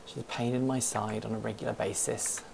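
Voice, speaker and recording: Low gravelly woman chatting on a stream. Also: level tone, brisk, background noise. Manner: rambling, thinks aloud, answers chat questions. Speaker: host of a livestream hangout. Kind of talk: casual live-stream chat. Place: office.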